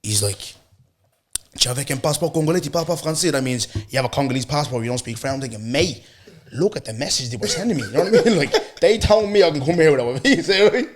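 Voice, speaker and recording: Chatting casually on his podcast, a young Irish man with a medium-pitched voice rattles through a story at speed. He's lively, laughs a lot, and performs what other people said.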